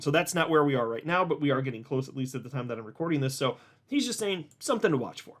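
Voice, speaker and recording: A man's voice: a little high, animated, fast. A man hosting a casual market commentary, reading posts aloud and talking bluntly and emphatically with frequent fillers. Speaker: host of a crypto market channel.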